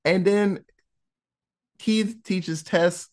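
A man's voice: high-pitched, very slow. A man casually retelling a film's plot, acting out the characters' lines as he goes. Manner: animated storyteller who acts out quotes. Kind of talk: casual film recap storytelling.

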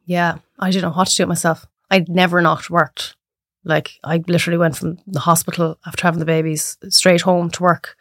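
A woman's voice: on the low side, brisk, no echo, studio quality. An Irish woman in her thirties, a podcast guest, telling stories and acting out the voices of people she quotes. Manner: animated storyteller acting out quotes. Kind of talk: casual chat.

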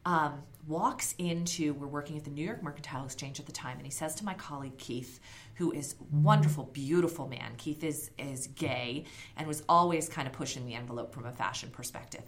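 A woman's voice: deep voice, a little fast. A woman in her thirties co-hosting a podcast in casual chat, blunt and swearing freely. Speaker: podcast co-host.

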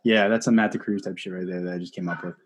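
A man's voice: low-pitched, fairly even intonation, racing, husky. A young man hosting a casual podcast chat, rambling with lots of fillers and frequent laughs. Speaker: podcast host.

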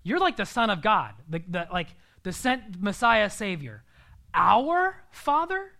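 Young man, preacher, sermon, earnest, emphatic, hushed at times. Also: high-pitched, expressive, normal speed. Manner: earnest, emphatic, drops to a near-whisper at times.

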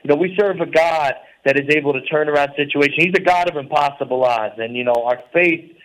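A man's voice: on the high side, a little fast, a bit bright, rough recording. A man speaking as a radio guest from a prison cell, earnest and preachy, with many fillers. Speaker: guest calling in. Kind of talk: interview on talk radio.

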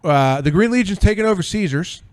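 Tipsy man hosting a podcast, excitable. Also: high-pitched, fairly quick, dry recording. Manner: excitable, swears freely, rambling anecdotes. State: tipsy from drinks. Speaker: podcast host. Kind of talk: casual podcast chat.

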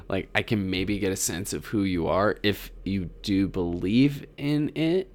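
Podcast co-host, male, lowish pitch, loose rambling chat with frequent laughs. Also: animated, takes it slowly. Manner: chatty, rambling, laughs often. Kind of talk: casual chat.

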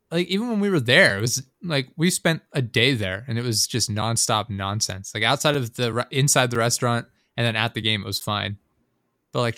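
A man's voice: medium pitch, pushed and bright, dry recording, clean studio sound. A young man in casual chat, telling a rambling, profane story full of fillers and asides.

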